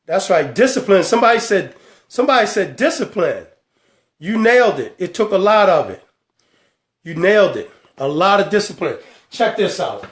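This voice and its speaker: A man hosting a live financial talk, stressing each number slowly and calling out to his viewers. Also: high voice, sing-song, distant mic. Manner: emphatic, drawn-out numbers, calls out to viewers. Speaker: host. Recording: echoey room, speaker away from mic.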